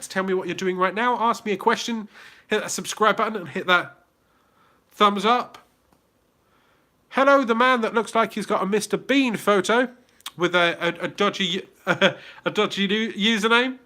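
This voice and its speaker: A British man with a high, bright, forceful voice hosts a YouTube livestream Q&A at a moderate pace. He chats away as he reads viewers' comments aloud and greets them by name.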